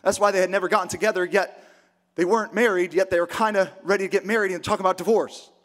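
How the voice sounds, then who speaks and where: Man, pastor, sermon, high-pitched, emphatic, energetic. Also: fast. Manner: emphatic, energetic, rhetorical questions.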